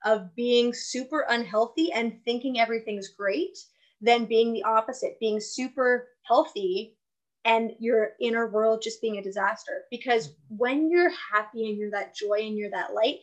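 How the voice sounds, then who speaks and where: A woman wellness coach who explains her ideas in an earnest, animated way during a conversation. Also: a little high, low-quality recording. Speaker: guest, fitness and wellness coach. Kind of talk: casual conversational interview.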